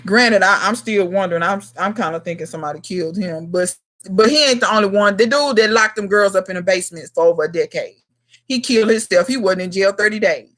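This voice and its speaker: Talking quickly in a mid-range, slightly bright voice, this thirtysomething gardening channel host keeps her livestream chat casual. She addresses viewers bluntly, her speech emphatic and full of slang.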